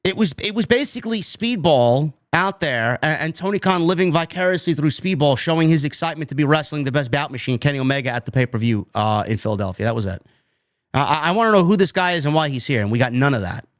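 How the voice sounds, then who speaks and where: Host, male, higher voice, blunt and fed up, dry close mic. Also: lively intonation, fast talker, no echo. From New York. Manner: blunt, exasperated, swears freely. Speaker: podcast host. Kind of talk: casual wrestling review chat.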